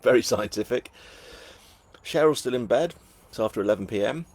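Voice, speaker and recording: A middle-aged man with a Northern English accent reads out viewer comments at a live book launch, joking and poking fun at himself. His mid-range voice is animated, brisk, and a little mellow.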